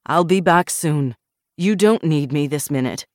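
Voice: mid-range voice, very animated, normal speed, no echo, clean studio sound, close to an everyday voice. A narrator voicing a hesitant, mild-mannered man in his seventies in an audiobook. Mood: strained. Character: hesitant older man scientist, 76. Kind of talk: audiobook character voice.

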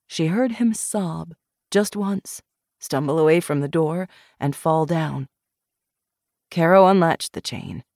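A woman narrating an audiobook in a measured, expressive way. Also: deep voice, vocal fry, no echo, studio quality.

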